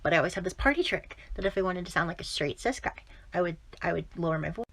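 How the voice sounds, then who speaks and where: A woman's voice: on the low side, animated, fast talker, fairly bright tone, dry recording. A young woman telling a casual story to camera in a chatty, self-mocking way.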